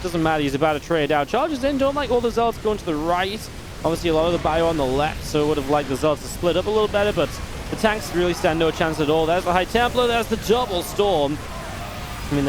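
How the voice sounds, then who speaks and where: A man casting a real-time strategy match alone, in energetic play-by-play commentary with chatty asides. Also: on the high side. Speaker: esports caster. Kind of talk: solo play-by-play game commentary.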